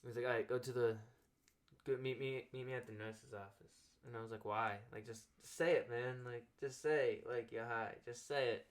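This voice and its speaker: A young man hosting a relaxed chat show, winding through a story and slipping into the voices of the people in it. He leans on fillers and restarts as he talks. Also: medium pitch, normal speed. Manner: rambling anecdote full of "like" fillers, acting out quoted dialogue. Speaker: podcast host.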